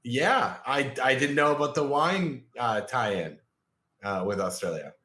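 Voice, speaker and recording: A man's voice: medium pitch, expressive, unhurried, sharp tone. A man who is a guest on an interview podcast, chatting casually in a rambling way over a video call. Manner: rambling, full of fillers and restarts.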